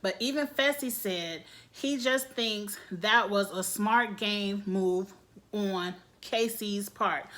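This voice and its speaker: A woman hosting a casual reality TV recap vlog, talking in an animated, gossipy way and laughing often. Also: on the high side.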